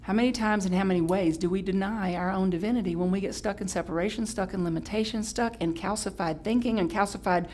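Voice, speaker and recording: Woman pastor delivering a casual, animated Sunday sermon; playful and conversational with a faint hum behind her. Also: fast, hardly any pauses. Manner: animated and playful, with sudden high exclamations; chatty, with restarts and self-correction. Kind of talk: live-streamed Sunday sermon.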